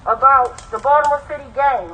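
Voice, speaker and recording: A woman's voice: high voice, a little fast, bright, forceful tone, rough recording. A woman giving an impassioned, blunt protest speech outdoors as the rally's emcee, pushing her points with rising emphasis.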